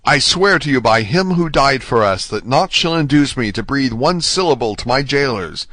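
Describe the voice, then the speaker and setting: A man's voice: mid-range voice, lively intonation, moderate pace, fairly bright tone, no echo, pitched above the performer's own voice. A man voicing a young male prisoner in his twenties, pleading urgently in an audiobook reading. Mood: desperate. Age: 20s.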